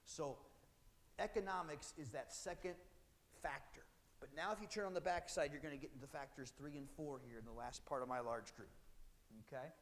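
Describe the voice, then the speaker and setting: A man teaches history to a class in a casual, conversational manner, slipping into little voices for the people he quotes. His voice sits a bit high for a man. The sound trails off in the long reverb of a big hall. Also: moderate pace. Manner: conversational, acts out British and colonist voices. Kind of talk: classroom lecture.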